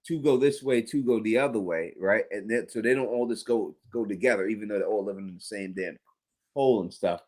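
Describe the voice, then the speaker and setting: A man co-hosting a TV episode discussion, speaking in an animated way and thanking viewers by name. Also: lowish voice, a little fast. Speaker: podcast co-host.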